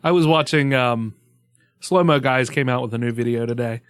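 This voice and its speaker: Man, easygoing podcast co-host, swears a lot, average pitch, dry sound. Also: normal speed, smooth, dry recording. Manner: laid-back, swears often, laughs easily. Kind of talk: casual chat.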